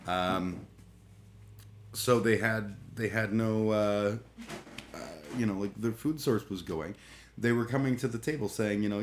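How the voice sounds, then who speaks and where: Casual streamer, a man with a lower voice who rambles, jokes and restarts often. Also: measured pace, a little hiss or hum. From Canada. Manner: rambling, with many fillers and restarts; irreverent, joking. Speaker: live streamer. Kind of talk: casual live-stream chat.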